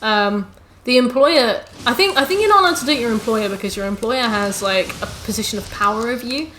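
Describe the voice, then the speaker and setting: A woman's voice: on the high side, lively intonation, bright, forceful tone, slight background noise. A young woman, chatting casually and ranting with swear words to her live-stream chat while gaming. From England. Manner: chatty, ranty, swearing, quick asides to chat. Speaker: game streamer.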